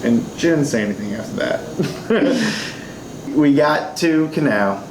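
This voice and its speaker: A man's voice: on the high side, lively intonation, unhurried, echoey room, background noise. A young man rambling through a tipsy love story to the camera, laughing and acting out quotes. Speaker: groom telling his love story.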